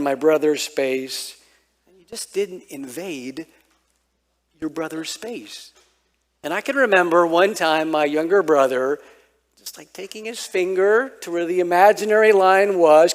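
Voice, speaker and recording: A male pastor preaching a sermon, telling a childhood story with animated quoted voices. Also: a little high, unhurried.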